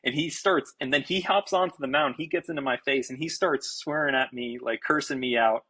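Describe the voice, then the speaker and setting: A young man, a baseball pitcher and podcast guest, telling a story in an animated, casual way, swearing freely and restarting his sentences. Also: a little fast, low-quality recording. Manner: animated, self-described fiery, swears freely, many restarts.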